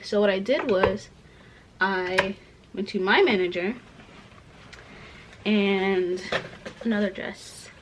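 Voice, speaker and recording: A young woman rambling through a casual rant at home while packing, full of "like" fillers, dipping into soft asides. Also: medium pitch, slow, long pauses, background noise. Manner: rambling, heavy use of "like" fillers; drops to soft asides about clothes. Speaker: vlogger.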